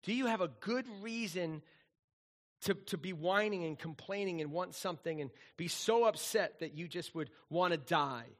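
A middle-aged man preaching a sermon as a pastor, conversational and animated, often acting out quoted voices. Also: high-pitched, moderate pace.

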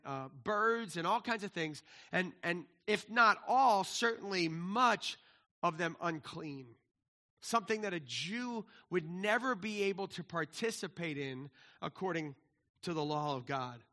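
A man preaching a sermon, animated, acting out scripture dialogue and restarting his sentences often. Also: high-pitched. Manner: animated, acts out biblical dialogue, frequent restarts. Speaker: pastor.

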